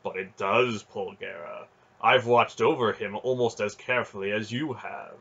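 Storybook villain: a man doing a scarred sorcerer priest, slow and mocking, husky tone, dull lo-fi sound. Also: lowish voice, fairly even intonation, fairly bright tone, heavily acted.

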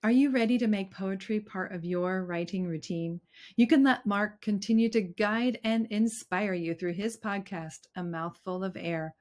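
A woman's voice: mid-range voice, normal speed, a little mellow, no echo. A woman hosting a writing podcast, thanking her guest and closing the episode in an appreciative way. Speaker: podcast host, writing coach. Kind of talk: interview hosting and outro.

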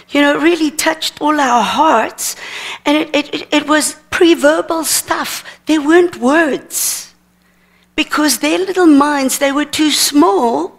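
At a ministry seminar, a middle-aged woman with a high-sitting voice teaches by sharing her personal testimony. She speaks earnestly but haltingly, repeating words.

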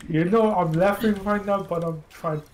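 A man's voice: sits high, normal speed, noisy background. Exasperated swearing gamer guy, keyboard clicks. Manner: exasperated, heavy swearing, rambling. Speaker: gamer on voice chat. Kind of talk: casual gaming banter. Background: keyboard typing and clicks.

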